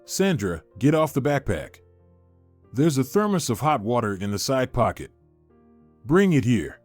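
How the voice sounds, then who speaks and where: A man's voice: medium pitch, big pitch swings, a little slow, soft background music. A man voicing a cheerful, capable teenage son who takes charge of the family in a storybook reading. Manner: cheerful, bossy.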